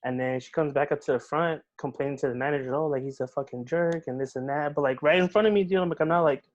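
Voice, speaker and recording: Animated young man telling a story. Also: on the high side, quick pace, dull audio. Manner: animated, swears often, says "bro" and "dude". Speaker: podcast guest. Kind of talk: casual storytelling.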